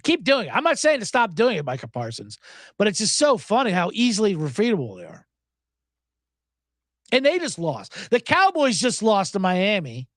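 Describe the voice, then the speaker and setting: A man's voice: sits high, wildly swooping pitch, normal speed, fairly bright tone, no room sound, clean studio sound. A man hosting a sports betting podcast alone, talking casually in a sarcastic, profane way and laughing often. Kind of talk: casual solo podcast talk.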